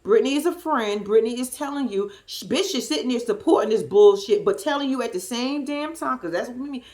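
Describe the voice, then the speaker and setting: A woman talks through a reality TV episode with plenty of sass, acting out each person's lines as she goes. Her voice sits a little high and swings widely up and down. It is a lively, casual recap aimed at her viewers. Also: fairly quick. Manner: sassy, animated, acts out the cast's lines. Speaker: reality TV commentator.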